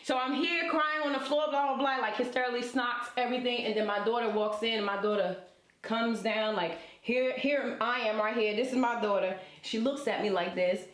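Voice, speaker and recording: Lively storytelling woman, higher voice. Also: a little fast. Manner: lively, colloquial, addresses listeners directly. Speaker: interview guest, relationship coach. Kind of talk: personal storytelling in conversation. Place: indoor event space. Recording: roomy echo.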